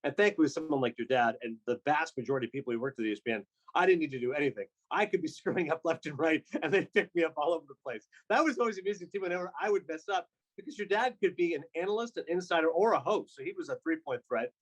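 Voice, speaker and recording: A man from Canada, a sports broadcaster, telling quick animated stories in a casual podcast chat. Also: fairly high pitch, low-quality recording. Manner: fast, animated storyteller with quick asides.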